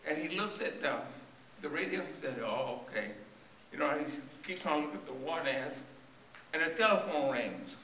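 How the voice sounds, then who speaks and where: Male preacher, voice worn and straining, bright and forceful tone, tells a story in his sermon, church echo, mic far off. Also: on the high side, expressive, moderate pace, slight background noise. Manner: storytelling sermon with call-and-response questions to the congregation. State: voice strained and tiring. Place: church sanctuary. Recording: echoey church recorded from a distance.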